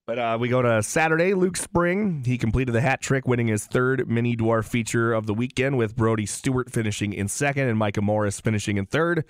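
Relaxed racing-show man, dry close mic. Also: medium pitch, no room sound. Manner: relaxed, halting, many fillers and restarts. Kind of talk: casual sports radio chat.

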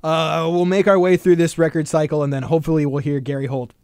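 A man's voice: a little high, level tone, quick pace, a little mellow, clear, resonant tone, dry recording, clean studio sound. A man co-hosting a podcast, chatting casually in a blunt, profane way and laughing often. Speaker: podcast co-host.

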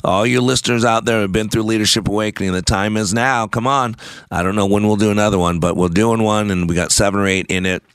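A man's voice: lowish voice, steady tone, quick pace, fairly bright tone, smooth, no echo. A man hosting a radio show, talking in an emphatic, repetitive, sermon-like way. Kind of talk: preachy talk radio monologue.

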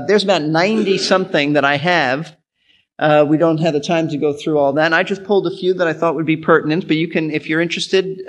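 A male pastor giving an earnest sermon, teaching in an instructive way and repeating his key points. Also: sits high.

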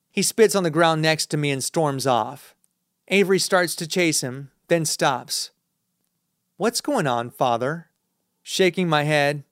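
A man reading a first-person thriller as an audiobook narrator, in a measured, tense storytelling manner. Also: on the high side, a bit bright, clear, resonant tone, no room sound, clean studio sound.

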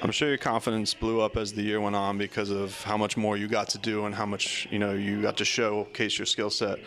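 Brief: male sports interviewer, low gravelly voice, casual chatty questions. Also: flat delivery, brisk, a bit bright, slight background noise.

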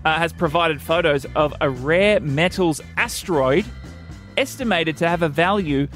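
A man hosting a comedy radio show, wisecracking with quick delivery. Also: fairly high pitch, a bit bright, soft background music. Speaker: radio host. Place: radio studio.

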